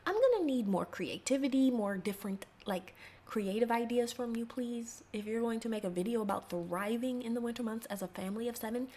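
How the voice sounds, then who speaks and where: A woman's voice: a little high, brisk, dark tone, a little hiss or hum. A woman hosting a reaction video, talking back to the clip with exasperated, sarcastic commentary.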